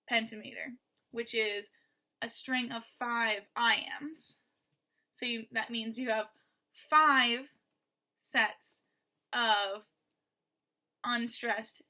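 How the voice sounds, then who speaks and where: A woman gives a poetry lesson in a patient, steady way, tapping out beats as she explains them. Her voice sits a little high and sounds bright and clear. She talks slowly and deliberately. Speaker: teacher.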